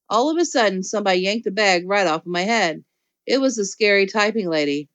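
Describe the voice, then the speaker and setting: A woman's voice: mid-range voice, animated, a little fast, fairly bright tone. Lady reading a kids chapter book, playful, dry no-echo sound. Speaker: audiobook reader. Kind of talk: first-person storybook narration in a child's voice.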